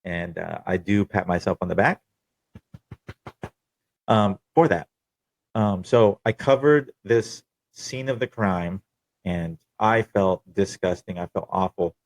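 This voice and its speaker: Low-voiced man, profane storyteller. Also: slow pace, no room sound. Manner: profane, candid, wry. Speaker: podcast host telling his own story. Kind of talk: casual personal storytelling.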